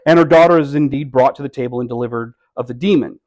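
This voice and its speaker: This is a middle-aged pastor preaching fast in a medium pitch. He keeps things conversational and wry, punctuated by lively bursts of emphasis.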